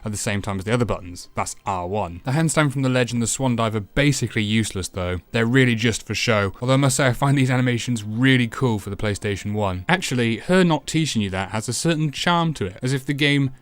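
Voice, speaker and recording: A man's voice: medium pitch, quick pace, few pauses, no echo. A man narrating a retro game review in a sarcastic, profane way, swearing often.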